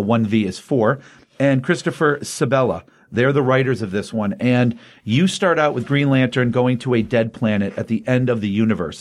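A man co-hosting a casual comic book chat, retelling a comic's plot with energy and loosely quoting the characters. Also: mid-range voice. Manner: animated storyteller, quoting characters loosely without voices. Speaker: comic book podcast co-host.

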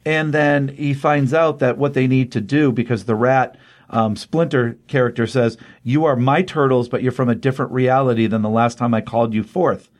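A man casually recapping a comic book story, lively, with quick voices for the characters he quotes. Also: mid-range voice.

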